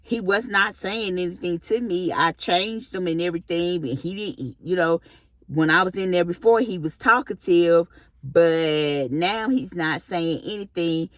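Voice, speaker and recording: Brief: expressive female storyteller, lowish voice, slow delivery, dry close sound. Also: dry recording. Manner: animated, expressive storyteller with casual slang. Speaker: vlogger. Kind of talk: storytime monologue.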